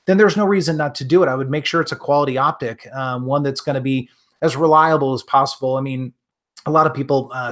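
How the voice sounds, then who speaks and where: Midwestern guy doing a live chat, easygoing and rambly, lots of uhs, average pitch. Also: fairly bright tone. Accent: Midwestern American. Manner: friendly, rambling, many fillers and restarts. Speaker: gun channel host answering live chat. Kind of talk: casual live-stream chat.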